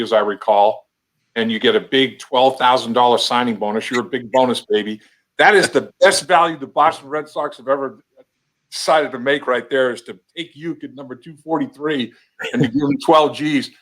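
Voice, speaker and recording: Man, interview host; mid pitch, folksy and enthusiastic, stammers as he asks. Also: fairly bright tone. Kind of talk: casual sports interview.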